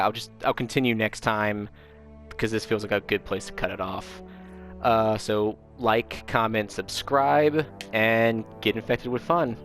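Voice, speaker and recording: Brief: man hosting a gaming video, low voice, rambling and stumbling over words, faint music behind. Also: gravelly, a bit bright. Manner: rambling, self-interrupting, enthusiastic. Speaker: gaming channel host. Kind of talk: rambling gameplay commentary. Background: game music.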